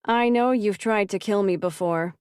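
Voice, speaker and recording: A woman voicing a composed man who speaks calmly and sarcastically. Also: mid-range voice, normal speed, smooth, no room sound, studio quality, close to an everyday voice. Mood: deadpan. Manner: calm and deadpan.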